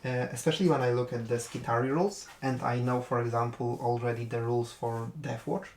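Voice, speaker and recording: Male commentator, casual post-game chat, mid-pitched and halting, roomy recording. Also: steady tone, darkish tone. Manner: thoughtful, hesitant with fillers, breaks into laughter.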